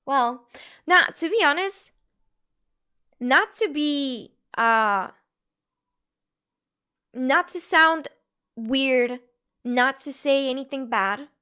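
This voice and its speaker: A young woman from Bulgaria, a live streamer, talking to her chat in a halting, earnest and emotional way. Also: high voice, animated, sharp tone.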